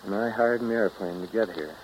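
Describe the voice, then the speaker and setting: A deep, low-key man, as an actor plays him in a 1940s radio drama. He is blunt and unhurried. A faint hiss runs under his voice. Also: natural voice, low-quality recording. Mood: steady. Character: blunt, steady old friend and former lover.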